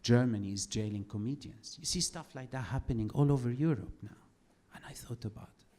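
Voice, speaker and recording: A man doing a stand-up comedy set, telling his story with sardonic, animated delivery. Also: mid-range voice, fairly quick.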